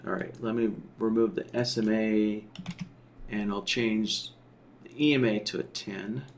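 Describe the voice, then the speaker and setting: A man teaching a software tool in a screen-share tutorial, explaining step by step and often checking in with "right?" while he thinks aloud. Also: lowish voice, fairly even intonation, a little slow, slight background noise. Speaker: software trainer.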